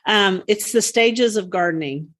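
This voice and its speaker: With a mid-range, fairly bright voice and a measured pace, this podcast co-host rambles through relaxed conversation, laughing often and using lots of fillers.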